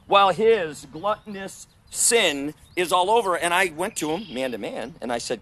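A man preaching on the street, rebuking and arguing with a listener, his voice swinging between loud accusations and low, hushed asides. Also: big pitch swings, fairly quick, a little hiss or hum.

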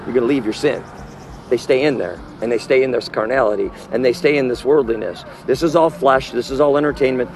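Forceful, emphatic man preaching on the street. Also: brisk, slight background noise. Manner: forceful, emphatic, climbs high when exhorting. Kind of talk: outdoor street preaching and debate. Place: outdoors on a city street.

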